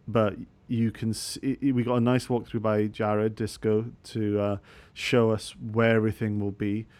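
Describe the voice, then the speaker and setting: A Scottish man hosting a casual podcast, his medium-pitched voice running loose and rambling. He is sleep deprived, so he keeps circling back and correcting himself, padding his thoughts with fillers and self-mocking asides. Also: a little mellow. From Scotland. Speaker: podcast host.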